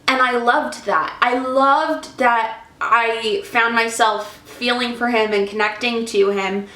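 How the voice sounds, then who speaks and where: A woman chats about books as a vlogger, gushing and emotional in her casual review talk. Her voice sits a little high and she takes her time with each thought. The sound carries the echo of a bare room. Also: a bit bright. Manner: effusive, emotional, chatty. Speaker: book vlogger. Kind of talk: casual book review vlog. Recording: echoey room.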